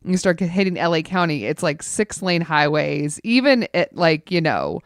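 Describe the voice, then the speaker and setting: A woman in casual podcast chat, telling an animated story full of "like" fillers. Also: sits low, moderate pace, no echo, clean studio sound.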